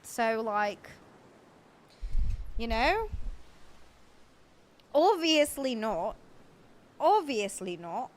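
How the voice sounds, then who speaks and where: Giggly, chatty woman streamer, slightly high. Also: sing-song, very slow, pauses often. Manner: chatty and giggly, often breaking into laughter; blunt and playful with crude jokes. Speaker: live streamer. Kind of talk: casual livestream chat answering viewers.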